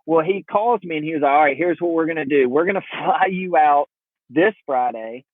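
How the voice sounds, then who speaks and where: A man's voice: on the high side, normal speed, no room sound. A man, a podcast guest, telling a story in casual conversation and acting out the dialogue of the people in it. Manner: animated, acts out quoted dialogue. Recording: tinny phone-line sound.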